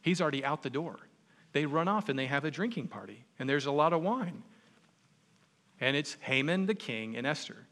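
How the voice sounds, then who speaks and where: Animated preacher in an echoing hall. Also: male voice, fairly high pitch, normal speed. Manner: animated, conversational storytelling. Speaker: pastor. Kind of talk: sermon. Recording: long reverb in a large hall.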